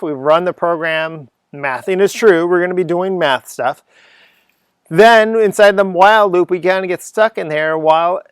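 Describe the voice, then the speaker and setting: Chatty gravelly man teaching code. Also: fairly high pitch, a bit bright, no echo, clean studio sound. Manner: chatty, thinks aloud, hums and sings sound effects. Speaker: coding teacher. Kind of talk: unscripted screencast coding lesson.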